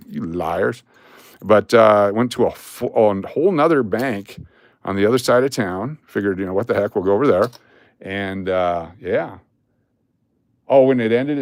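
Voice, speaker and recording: A man's voice: fairly low pitch, no room sound. Middle-aged male streamer, casual storyteller, dead-dry room sound. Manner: animated, acts out other people's lines when retelling. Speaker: live stream host.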